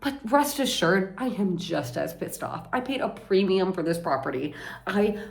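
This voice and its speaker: A woman's voice: medium pitch, animated, moderate pace, creaky. A young woman venting in a casual vlog, exasperated and rambling, swearing freely. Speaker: vlogger.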